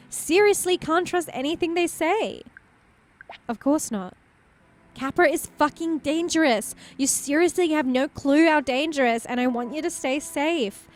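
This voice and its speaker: A woman's voice: sits high, voice pushed up. Woman voicing anxious pleading girlfriend. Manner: urgent, pleading. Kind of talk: let's play character voicing.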